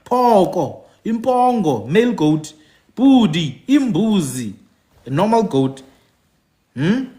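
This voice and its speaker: A man's voice: sits high, very animated, slow, dark tone. A man from Africa, giving emphatic commentary, repeating his points and asking "hmm?". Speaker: podcast host. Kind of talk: animated commentary.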